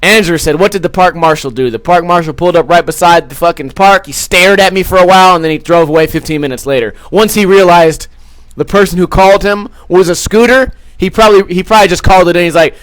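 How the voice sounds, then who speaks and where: A man's voice: sits high, quick pace, fairly bright tone, no echo. A young man hosting a podcast, telling a rambling, crude story full of swearing and acted-out quotes. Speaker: podcast host. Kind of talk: casual storytelling.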